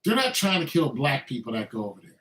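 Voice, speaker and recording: A man's voice: medium pitch, very animated, fast, fairly bright tone. Loose-talking man in an echoey room. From Braddock, Pennsylvania. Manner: loose, conversational, heavy on filler phrases. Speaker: army veteran vlogger. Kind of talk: casual commentary monologue.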